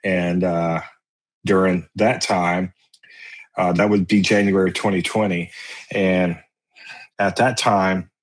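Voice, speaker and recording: A man's voice: low voice, little pitch movement, takes it slowly, long pauses. A man, a podcast guest telling long stories about sausage-making in a casual, rambling way with plenty of fillers. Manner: rambling storyteller, lots of fillers. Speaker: guest, sausage maker and teacher.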